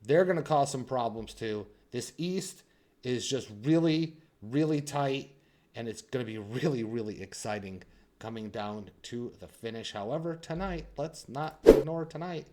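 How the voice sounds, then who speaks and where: A young man runs a hockey channel, offering casual sports commentary and teasing his viewers. His mid-range voice is lively and moves at a normal speed, shifting between loud hype and quiet asides.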